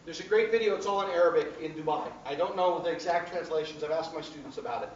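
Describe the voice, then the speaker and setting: A man's voice: a little high, fast, recorded from a distance, a little hiss or hum. A man teaching a class, telling a story and often checking in with his students. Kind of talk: classroom lecture. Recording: echoey classroom taped from afar, dull.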